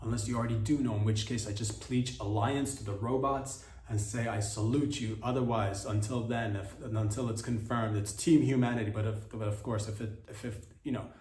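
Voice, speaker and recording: A man's voice: mid-range voice, steady tone, brisk, few pauses, a little mellow, echoey room, distant mic. A man hosting a comedy podcast, riffing in an absurd, rambling monologue and often correcting himself mid-sentence. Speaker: podcast host.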